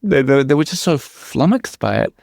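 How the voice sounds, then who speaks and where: An Australian man in his thirties, chatting casually as an interview guest, quick with asides and quoting people in lively voices. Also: fairly high pitch, creaky, dry recording, clean studio sound. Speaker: podcaster, guest.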